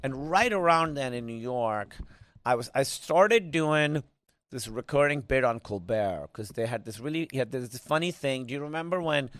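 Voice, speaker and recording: Brief: male comedian guest from Pakistan, loose rambling storyteller, mid-pitched, dry close sound. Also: animated, normal speed, fairly bright tone, no echo. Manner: rambling storytelling with restarts and fillers. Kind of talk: casual podcast interview.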